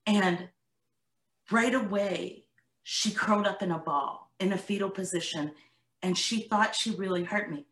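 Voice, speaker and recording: A woman's voice: medium pitch, unhurried. Echoey-sounding woman coach telling stories. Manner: animated storyteller, acts out her own and her daughter's lines. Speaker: guest, parenting coach. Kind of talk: conversational podcast interview. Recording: echoey room.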